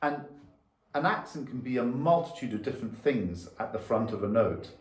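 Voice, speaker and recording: A man's voice: mid-range voice, lively intonation, normal speed, music in the background. A man teaching violin, patiently explaining bow technique step by step while demonstrating. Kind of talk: instructional lesson. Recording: echoey room with violin.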